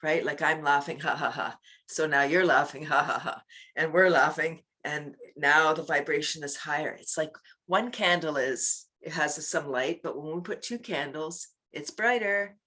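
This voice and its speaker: Woman, laughter yoga teacher, talkative and giggly, bright tone, video call. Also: deep voice, moderate pace. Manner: chatty, laughs often, bursts into loud laughter chants. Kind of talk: casual interview chat.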